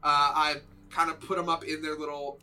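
A man's voice: a little high, level tone, a little fast, sharp tone. A man playing a tabletop game, joking and thinking aloud with hesitant fillers. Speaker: player. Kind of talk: casual tabletop game chat.

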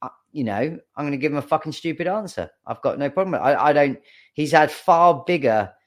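A man's voice: fairly high pitch, expressive, brisk. A man co-hosting a casual sports podcast, forthright and sweary, arguing his point. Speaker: podcast co-host.

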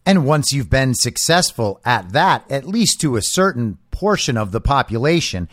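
A man's voice: medium pitch, no room sound, studio quality. A man hosting a political commentary show, delivering an opinionated monologue in a sarcastic, mocking manner.

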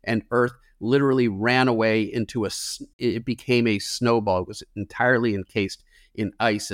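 A man's voice: lowish voice, no room sound, clean studio sound. A climate scientist man answering interview questions in an earnest, explanatory way with occasional fillers.

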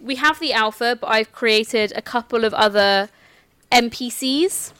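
Slow, smooth-voiced woman running the game. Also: on the high side, a bit bright, no room sound. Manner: unhurried, explanatory, with restarts. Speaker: game master. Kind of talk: explaining a tabletop game setup.

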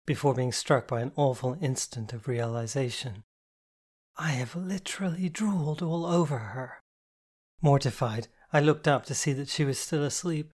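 Man reading a novel aloud. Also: medium pitch. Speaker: audiobook narrator. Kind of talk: scripted first-person novel narration.

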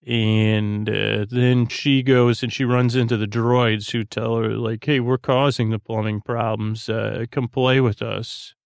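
A man's voice: mid-range voice, little pitch movement, a little slow, creaky, few pauses, smooth, no room sound. A man hosting a sleep podcast, recapping an episode in a meandering, filler-heavy way. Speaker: podcast host.

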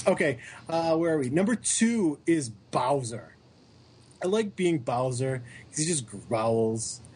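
A man co-hosting a casual sports podcast, joking and ranting with animated energy. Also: mid-range voice, slight background noise. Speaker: podcast co-host.

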